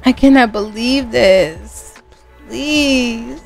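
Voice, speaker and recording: A young woman hosts casual gameplay commentary, full of emotional, gushing exclamations. She talks at an unhurried, drawn-out pace with faint music behind her. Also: medium pitch. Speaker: gameplay host.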